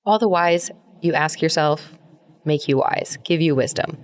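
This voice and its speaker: A woman's voice: low-pitched, unhurried. A young woman hosting her own podcast, talking alone in a rambling, reflective way, often repeating words and trailing off with fillers. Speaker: podcast host. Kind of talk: reflective solo monologue.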